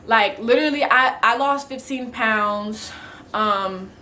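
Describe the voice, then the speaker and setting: A woman's voice: fairly high pitch, slow, sharp tone, slight background noise. A young pregnant woman chatting casually in a vlog, rambling with lots of fillers. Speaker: vlogger.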